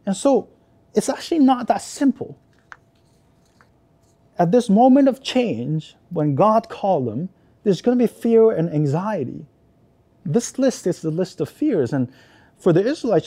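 A man preaching a sermon, animated and earnest, acting out the people's worried questions to God. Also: high voice. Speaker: pastor.

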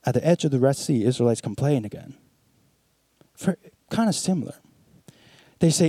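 A man preaching a sermon, swinging between hushed, low passages and emphatic, animated ones as he retells scripture. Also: moderate pace, long pauses, slightly rough, dry recording.

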